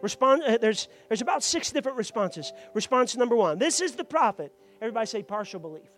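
Faint music plays behind a man with a very high, expressive voice who talks fast while preaching to a church congregation. He goes from quiet explanation to loud, fervent preaching, naming members as he goes.

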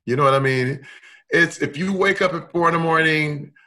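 A middle-aged man talking candidly in a conversation, emphatic and expressive, moving between loud and soft. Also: fairly high pitch, moderate pace. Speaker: guest.

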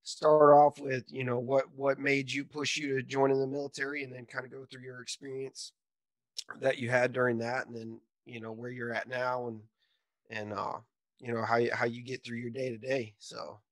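A male podcast host opening an interview, speaking in a halting, easygoing way with many fillers. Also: mid-range voice, flat delivery, dry recording, poor audio. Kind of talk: interview introduction. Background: guitar music.

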